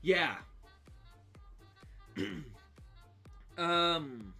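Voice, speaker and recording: A man on a live game stream walks through a character build in a loose, unscripted way, pausing on ums and restarting his sentences. His voice sits a bit high and sounds bright and forward, with faint music playing underneath. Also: lively intonation. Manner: thinking aloud with many ums and restarts. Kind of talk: casual game build talk.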